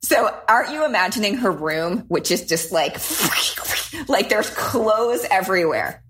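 A woman co-hosting a podcast in casual chat, enthusiastic and quick to giggle. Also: mid-range voice, sing-song, a bit bright, slight background noise. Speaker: podcast co-host.

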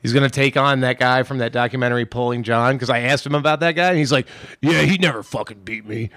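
A man co-hosting a podcast, telling a profane, animated story with quick impressions of others. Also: medium pitch, no room sound. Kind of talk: casual storytelling chat.

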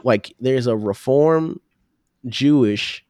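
A man's voice: mid-range voice, takes it slowly, a little mellow, no room sound, clean studio sound. A young man co-hosting a casual podcast chat in a laid-back, slangy way, laughing often. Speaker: podcast co-host.

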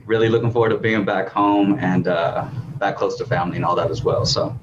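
A man's voice: low voice, fairly even intonation, brisk, noisy background. A man who grew up in Texas, chatting in a friendly, eager way as a guest on a video call. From Philippines, raised in Texas. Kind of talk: casual chat. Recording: muffled video call audio.

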